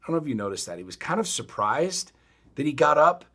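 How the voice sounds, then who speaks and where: A middle-aged man co-hosting a podcast, telling a story in a blunt, profane, animated way. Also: a little high, quick pace, slightly rough. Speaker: podcast co-host. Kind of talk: casual chat.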